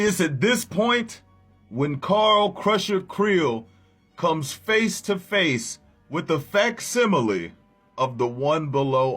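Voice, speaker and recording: Man, casual comic recap, slangy and profane, high bright voice, faint music behind. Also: breathy edge. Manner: profane, slangy, animated storytelling.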